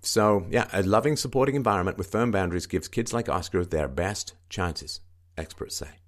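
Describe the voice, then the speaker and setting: Low-voiced man giving emphatic commentary. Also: normal speed. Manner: emphatic, repetitive, swings into mocking higher-pitched quoting. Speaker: commentator reading an article. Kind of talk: spoken commentary on a news article.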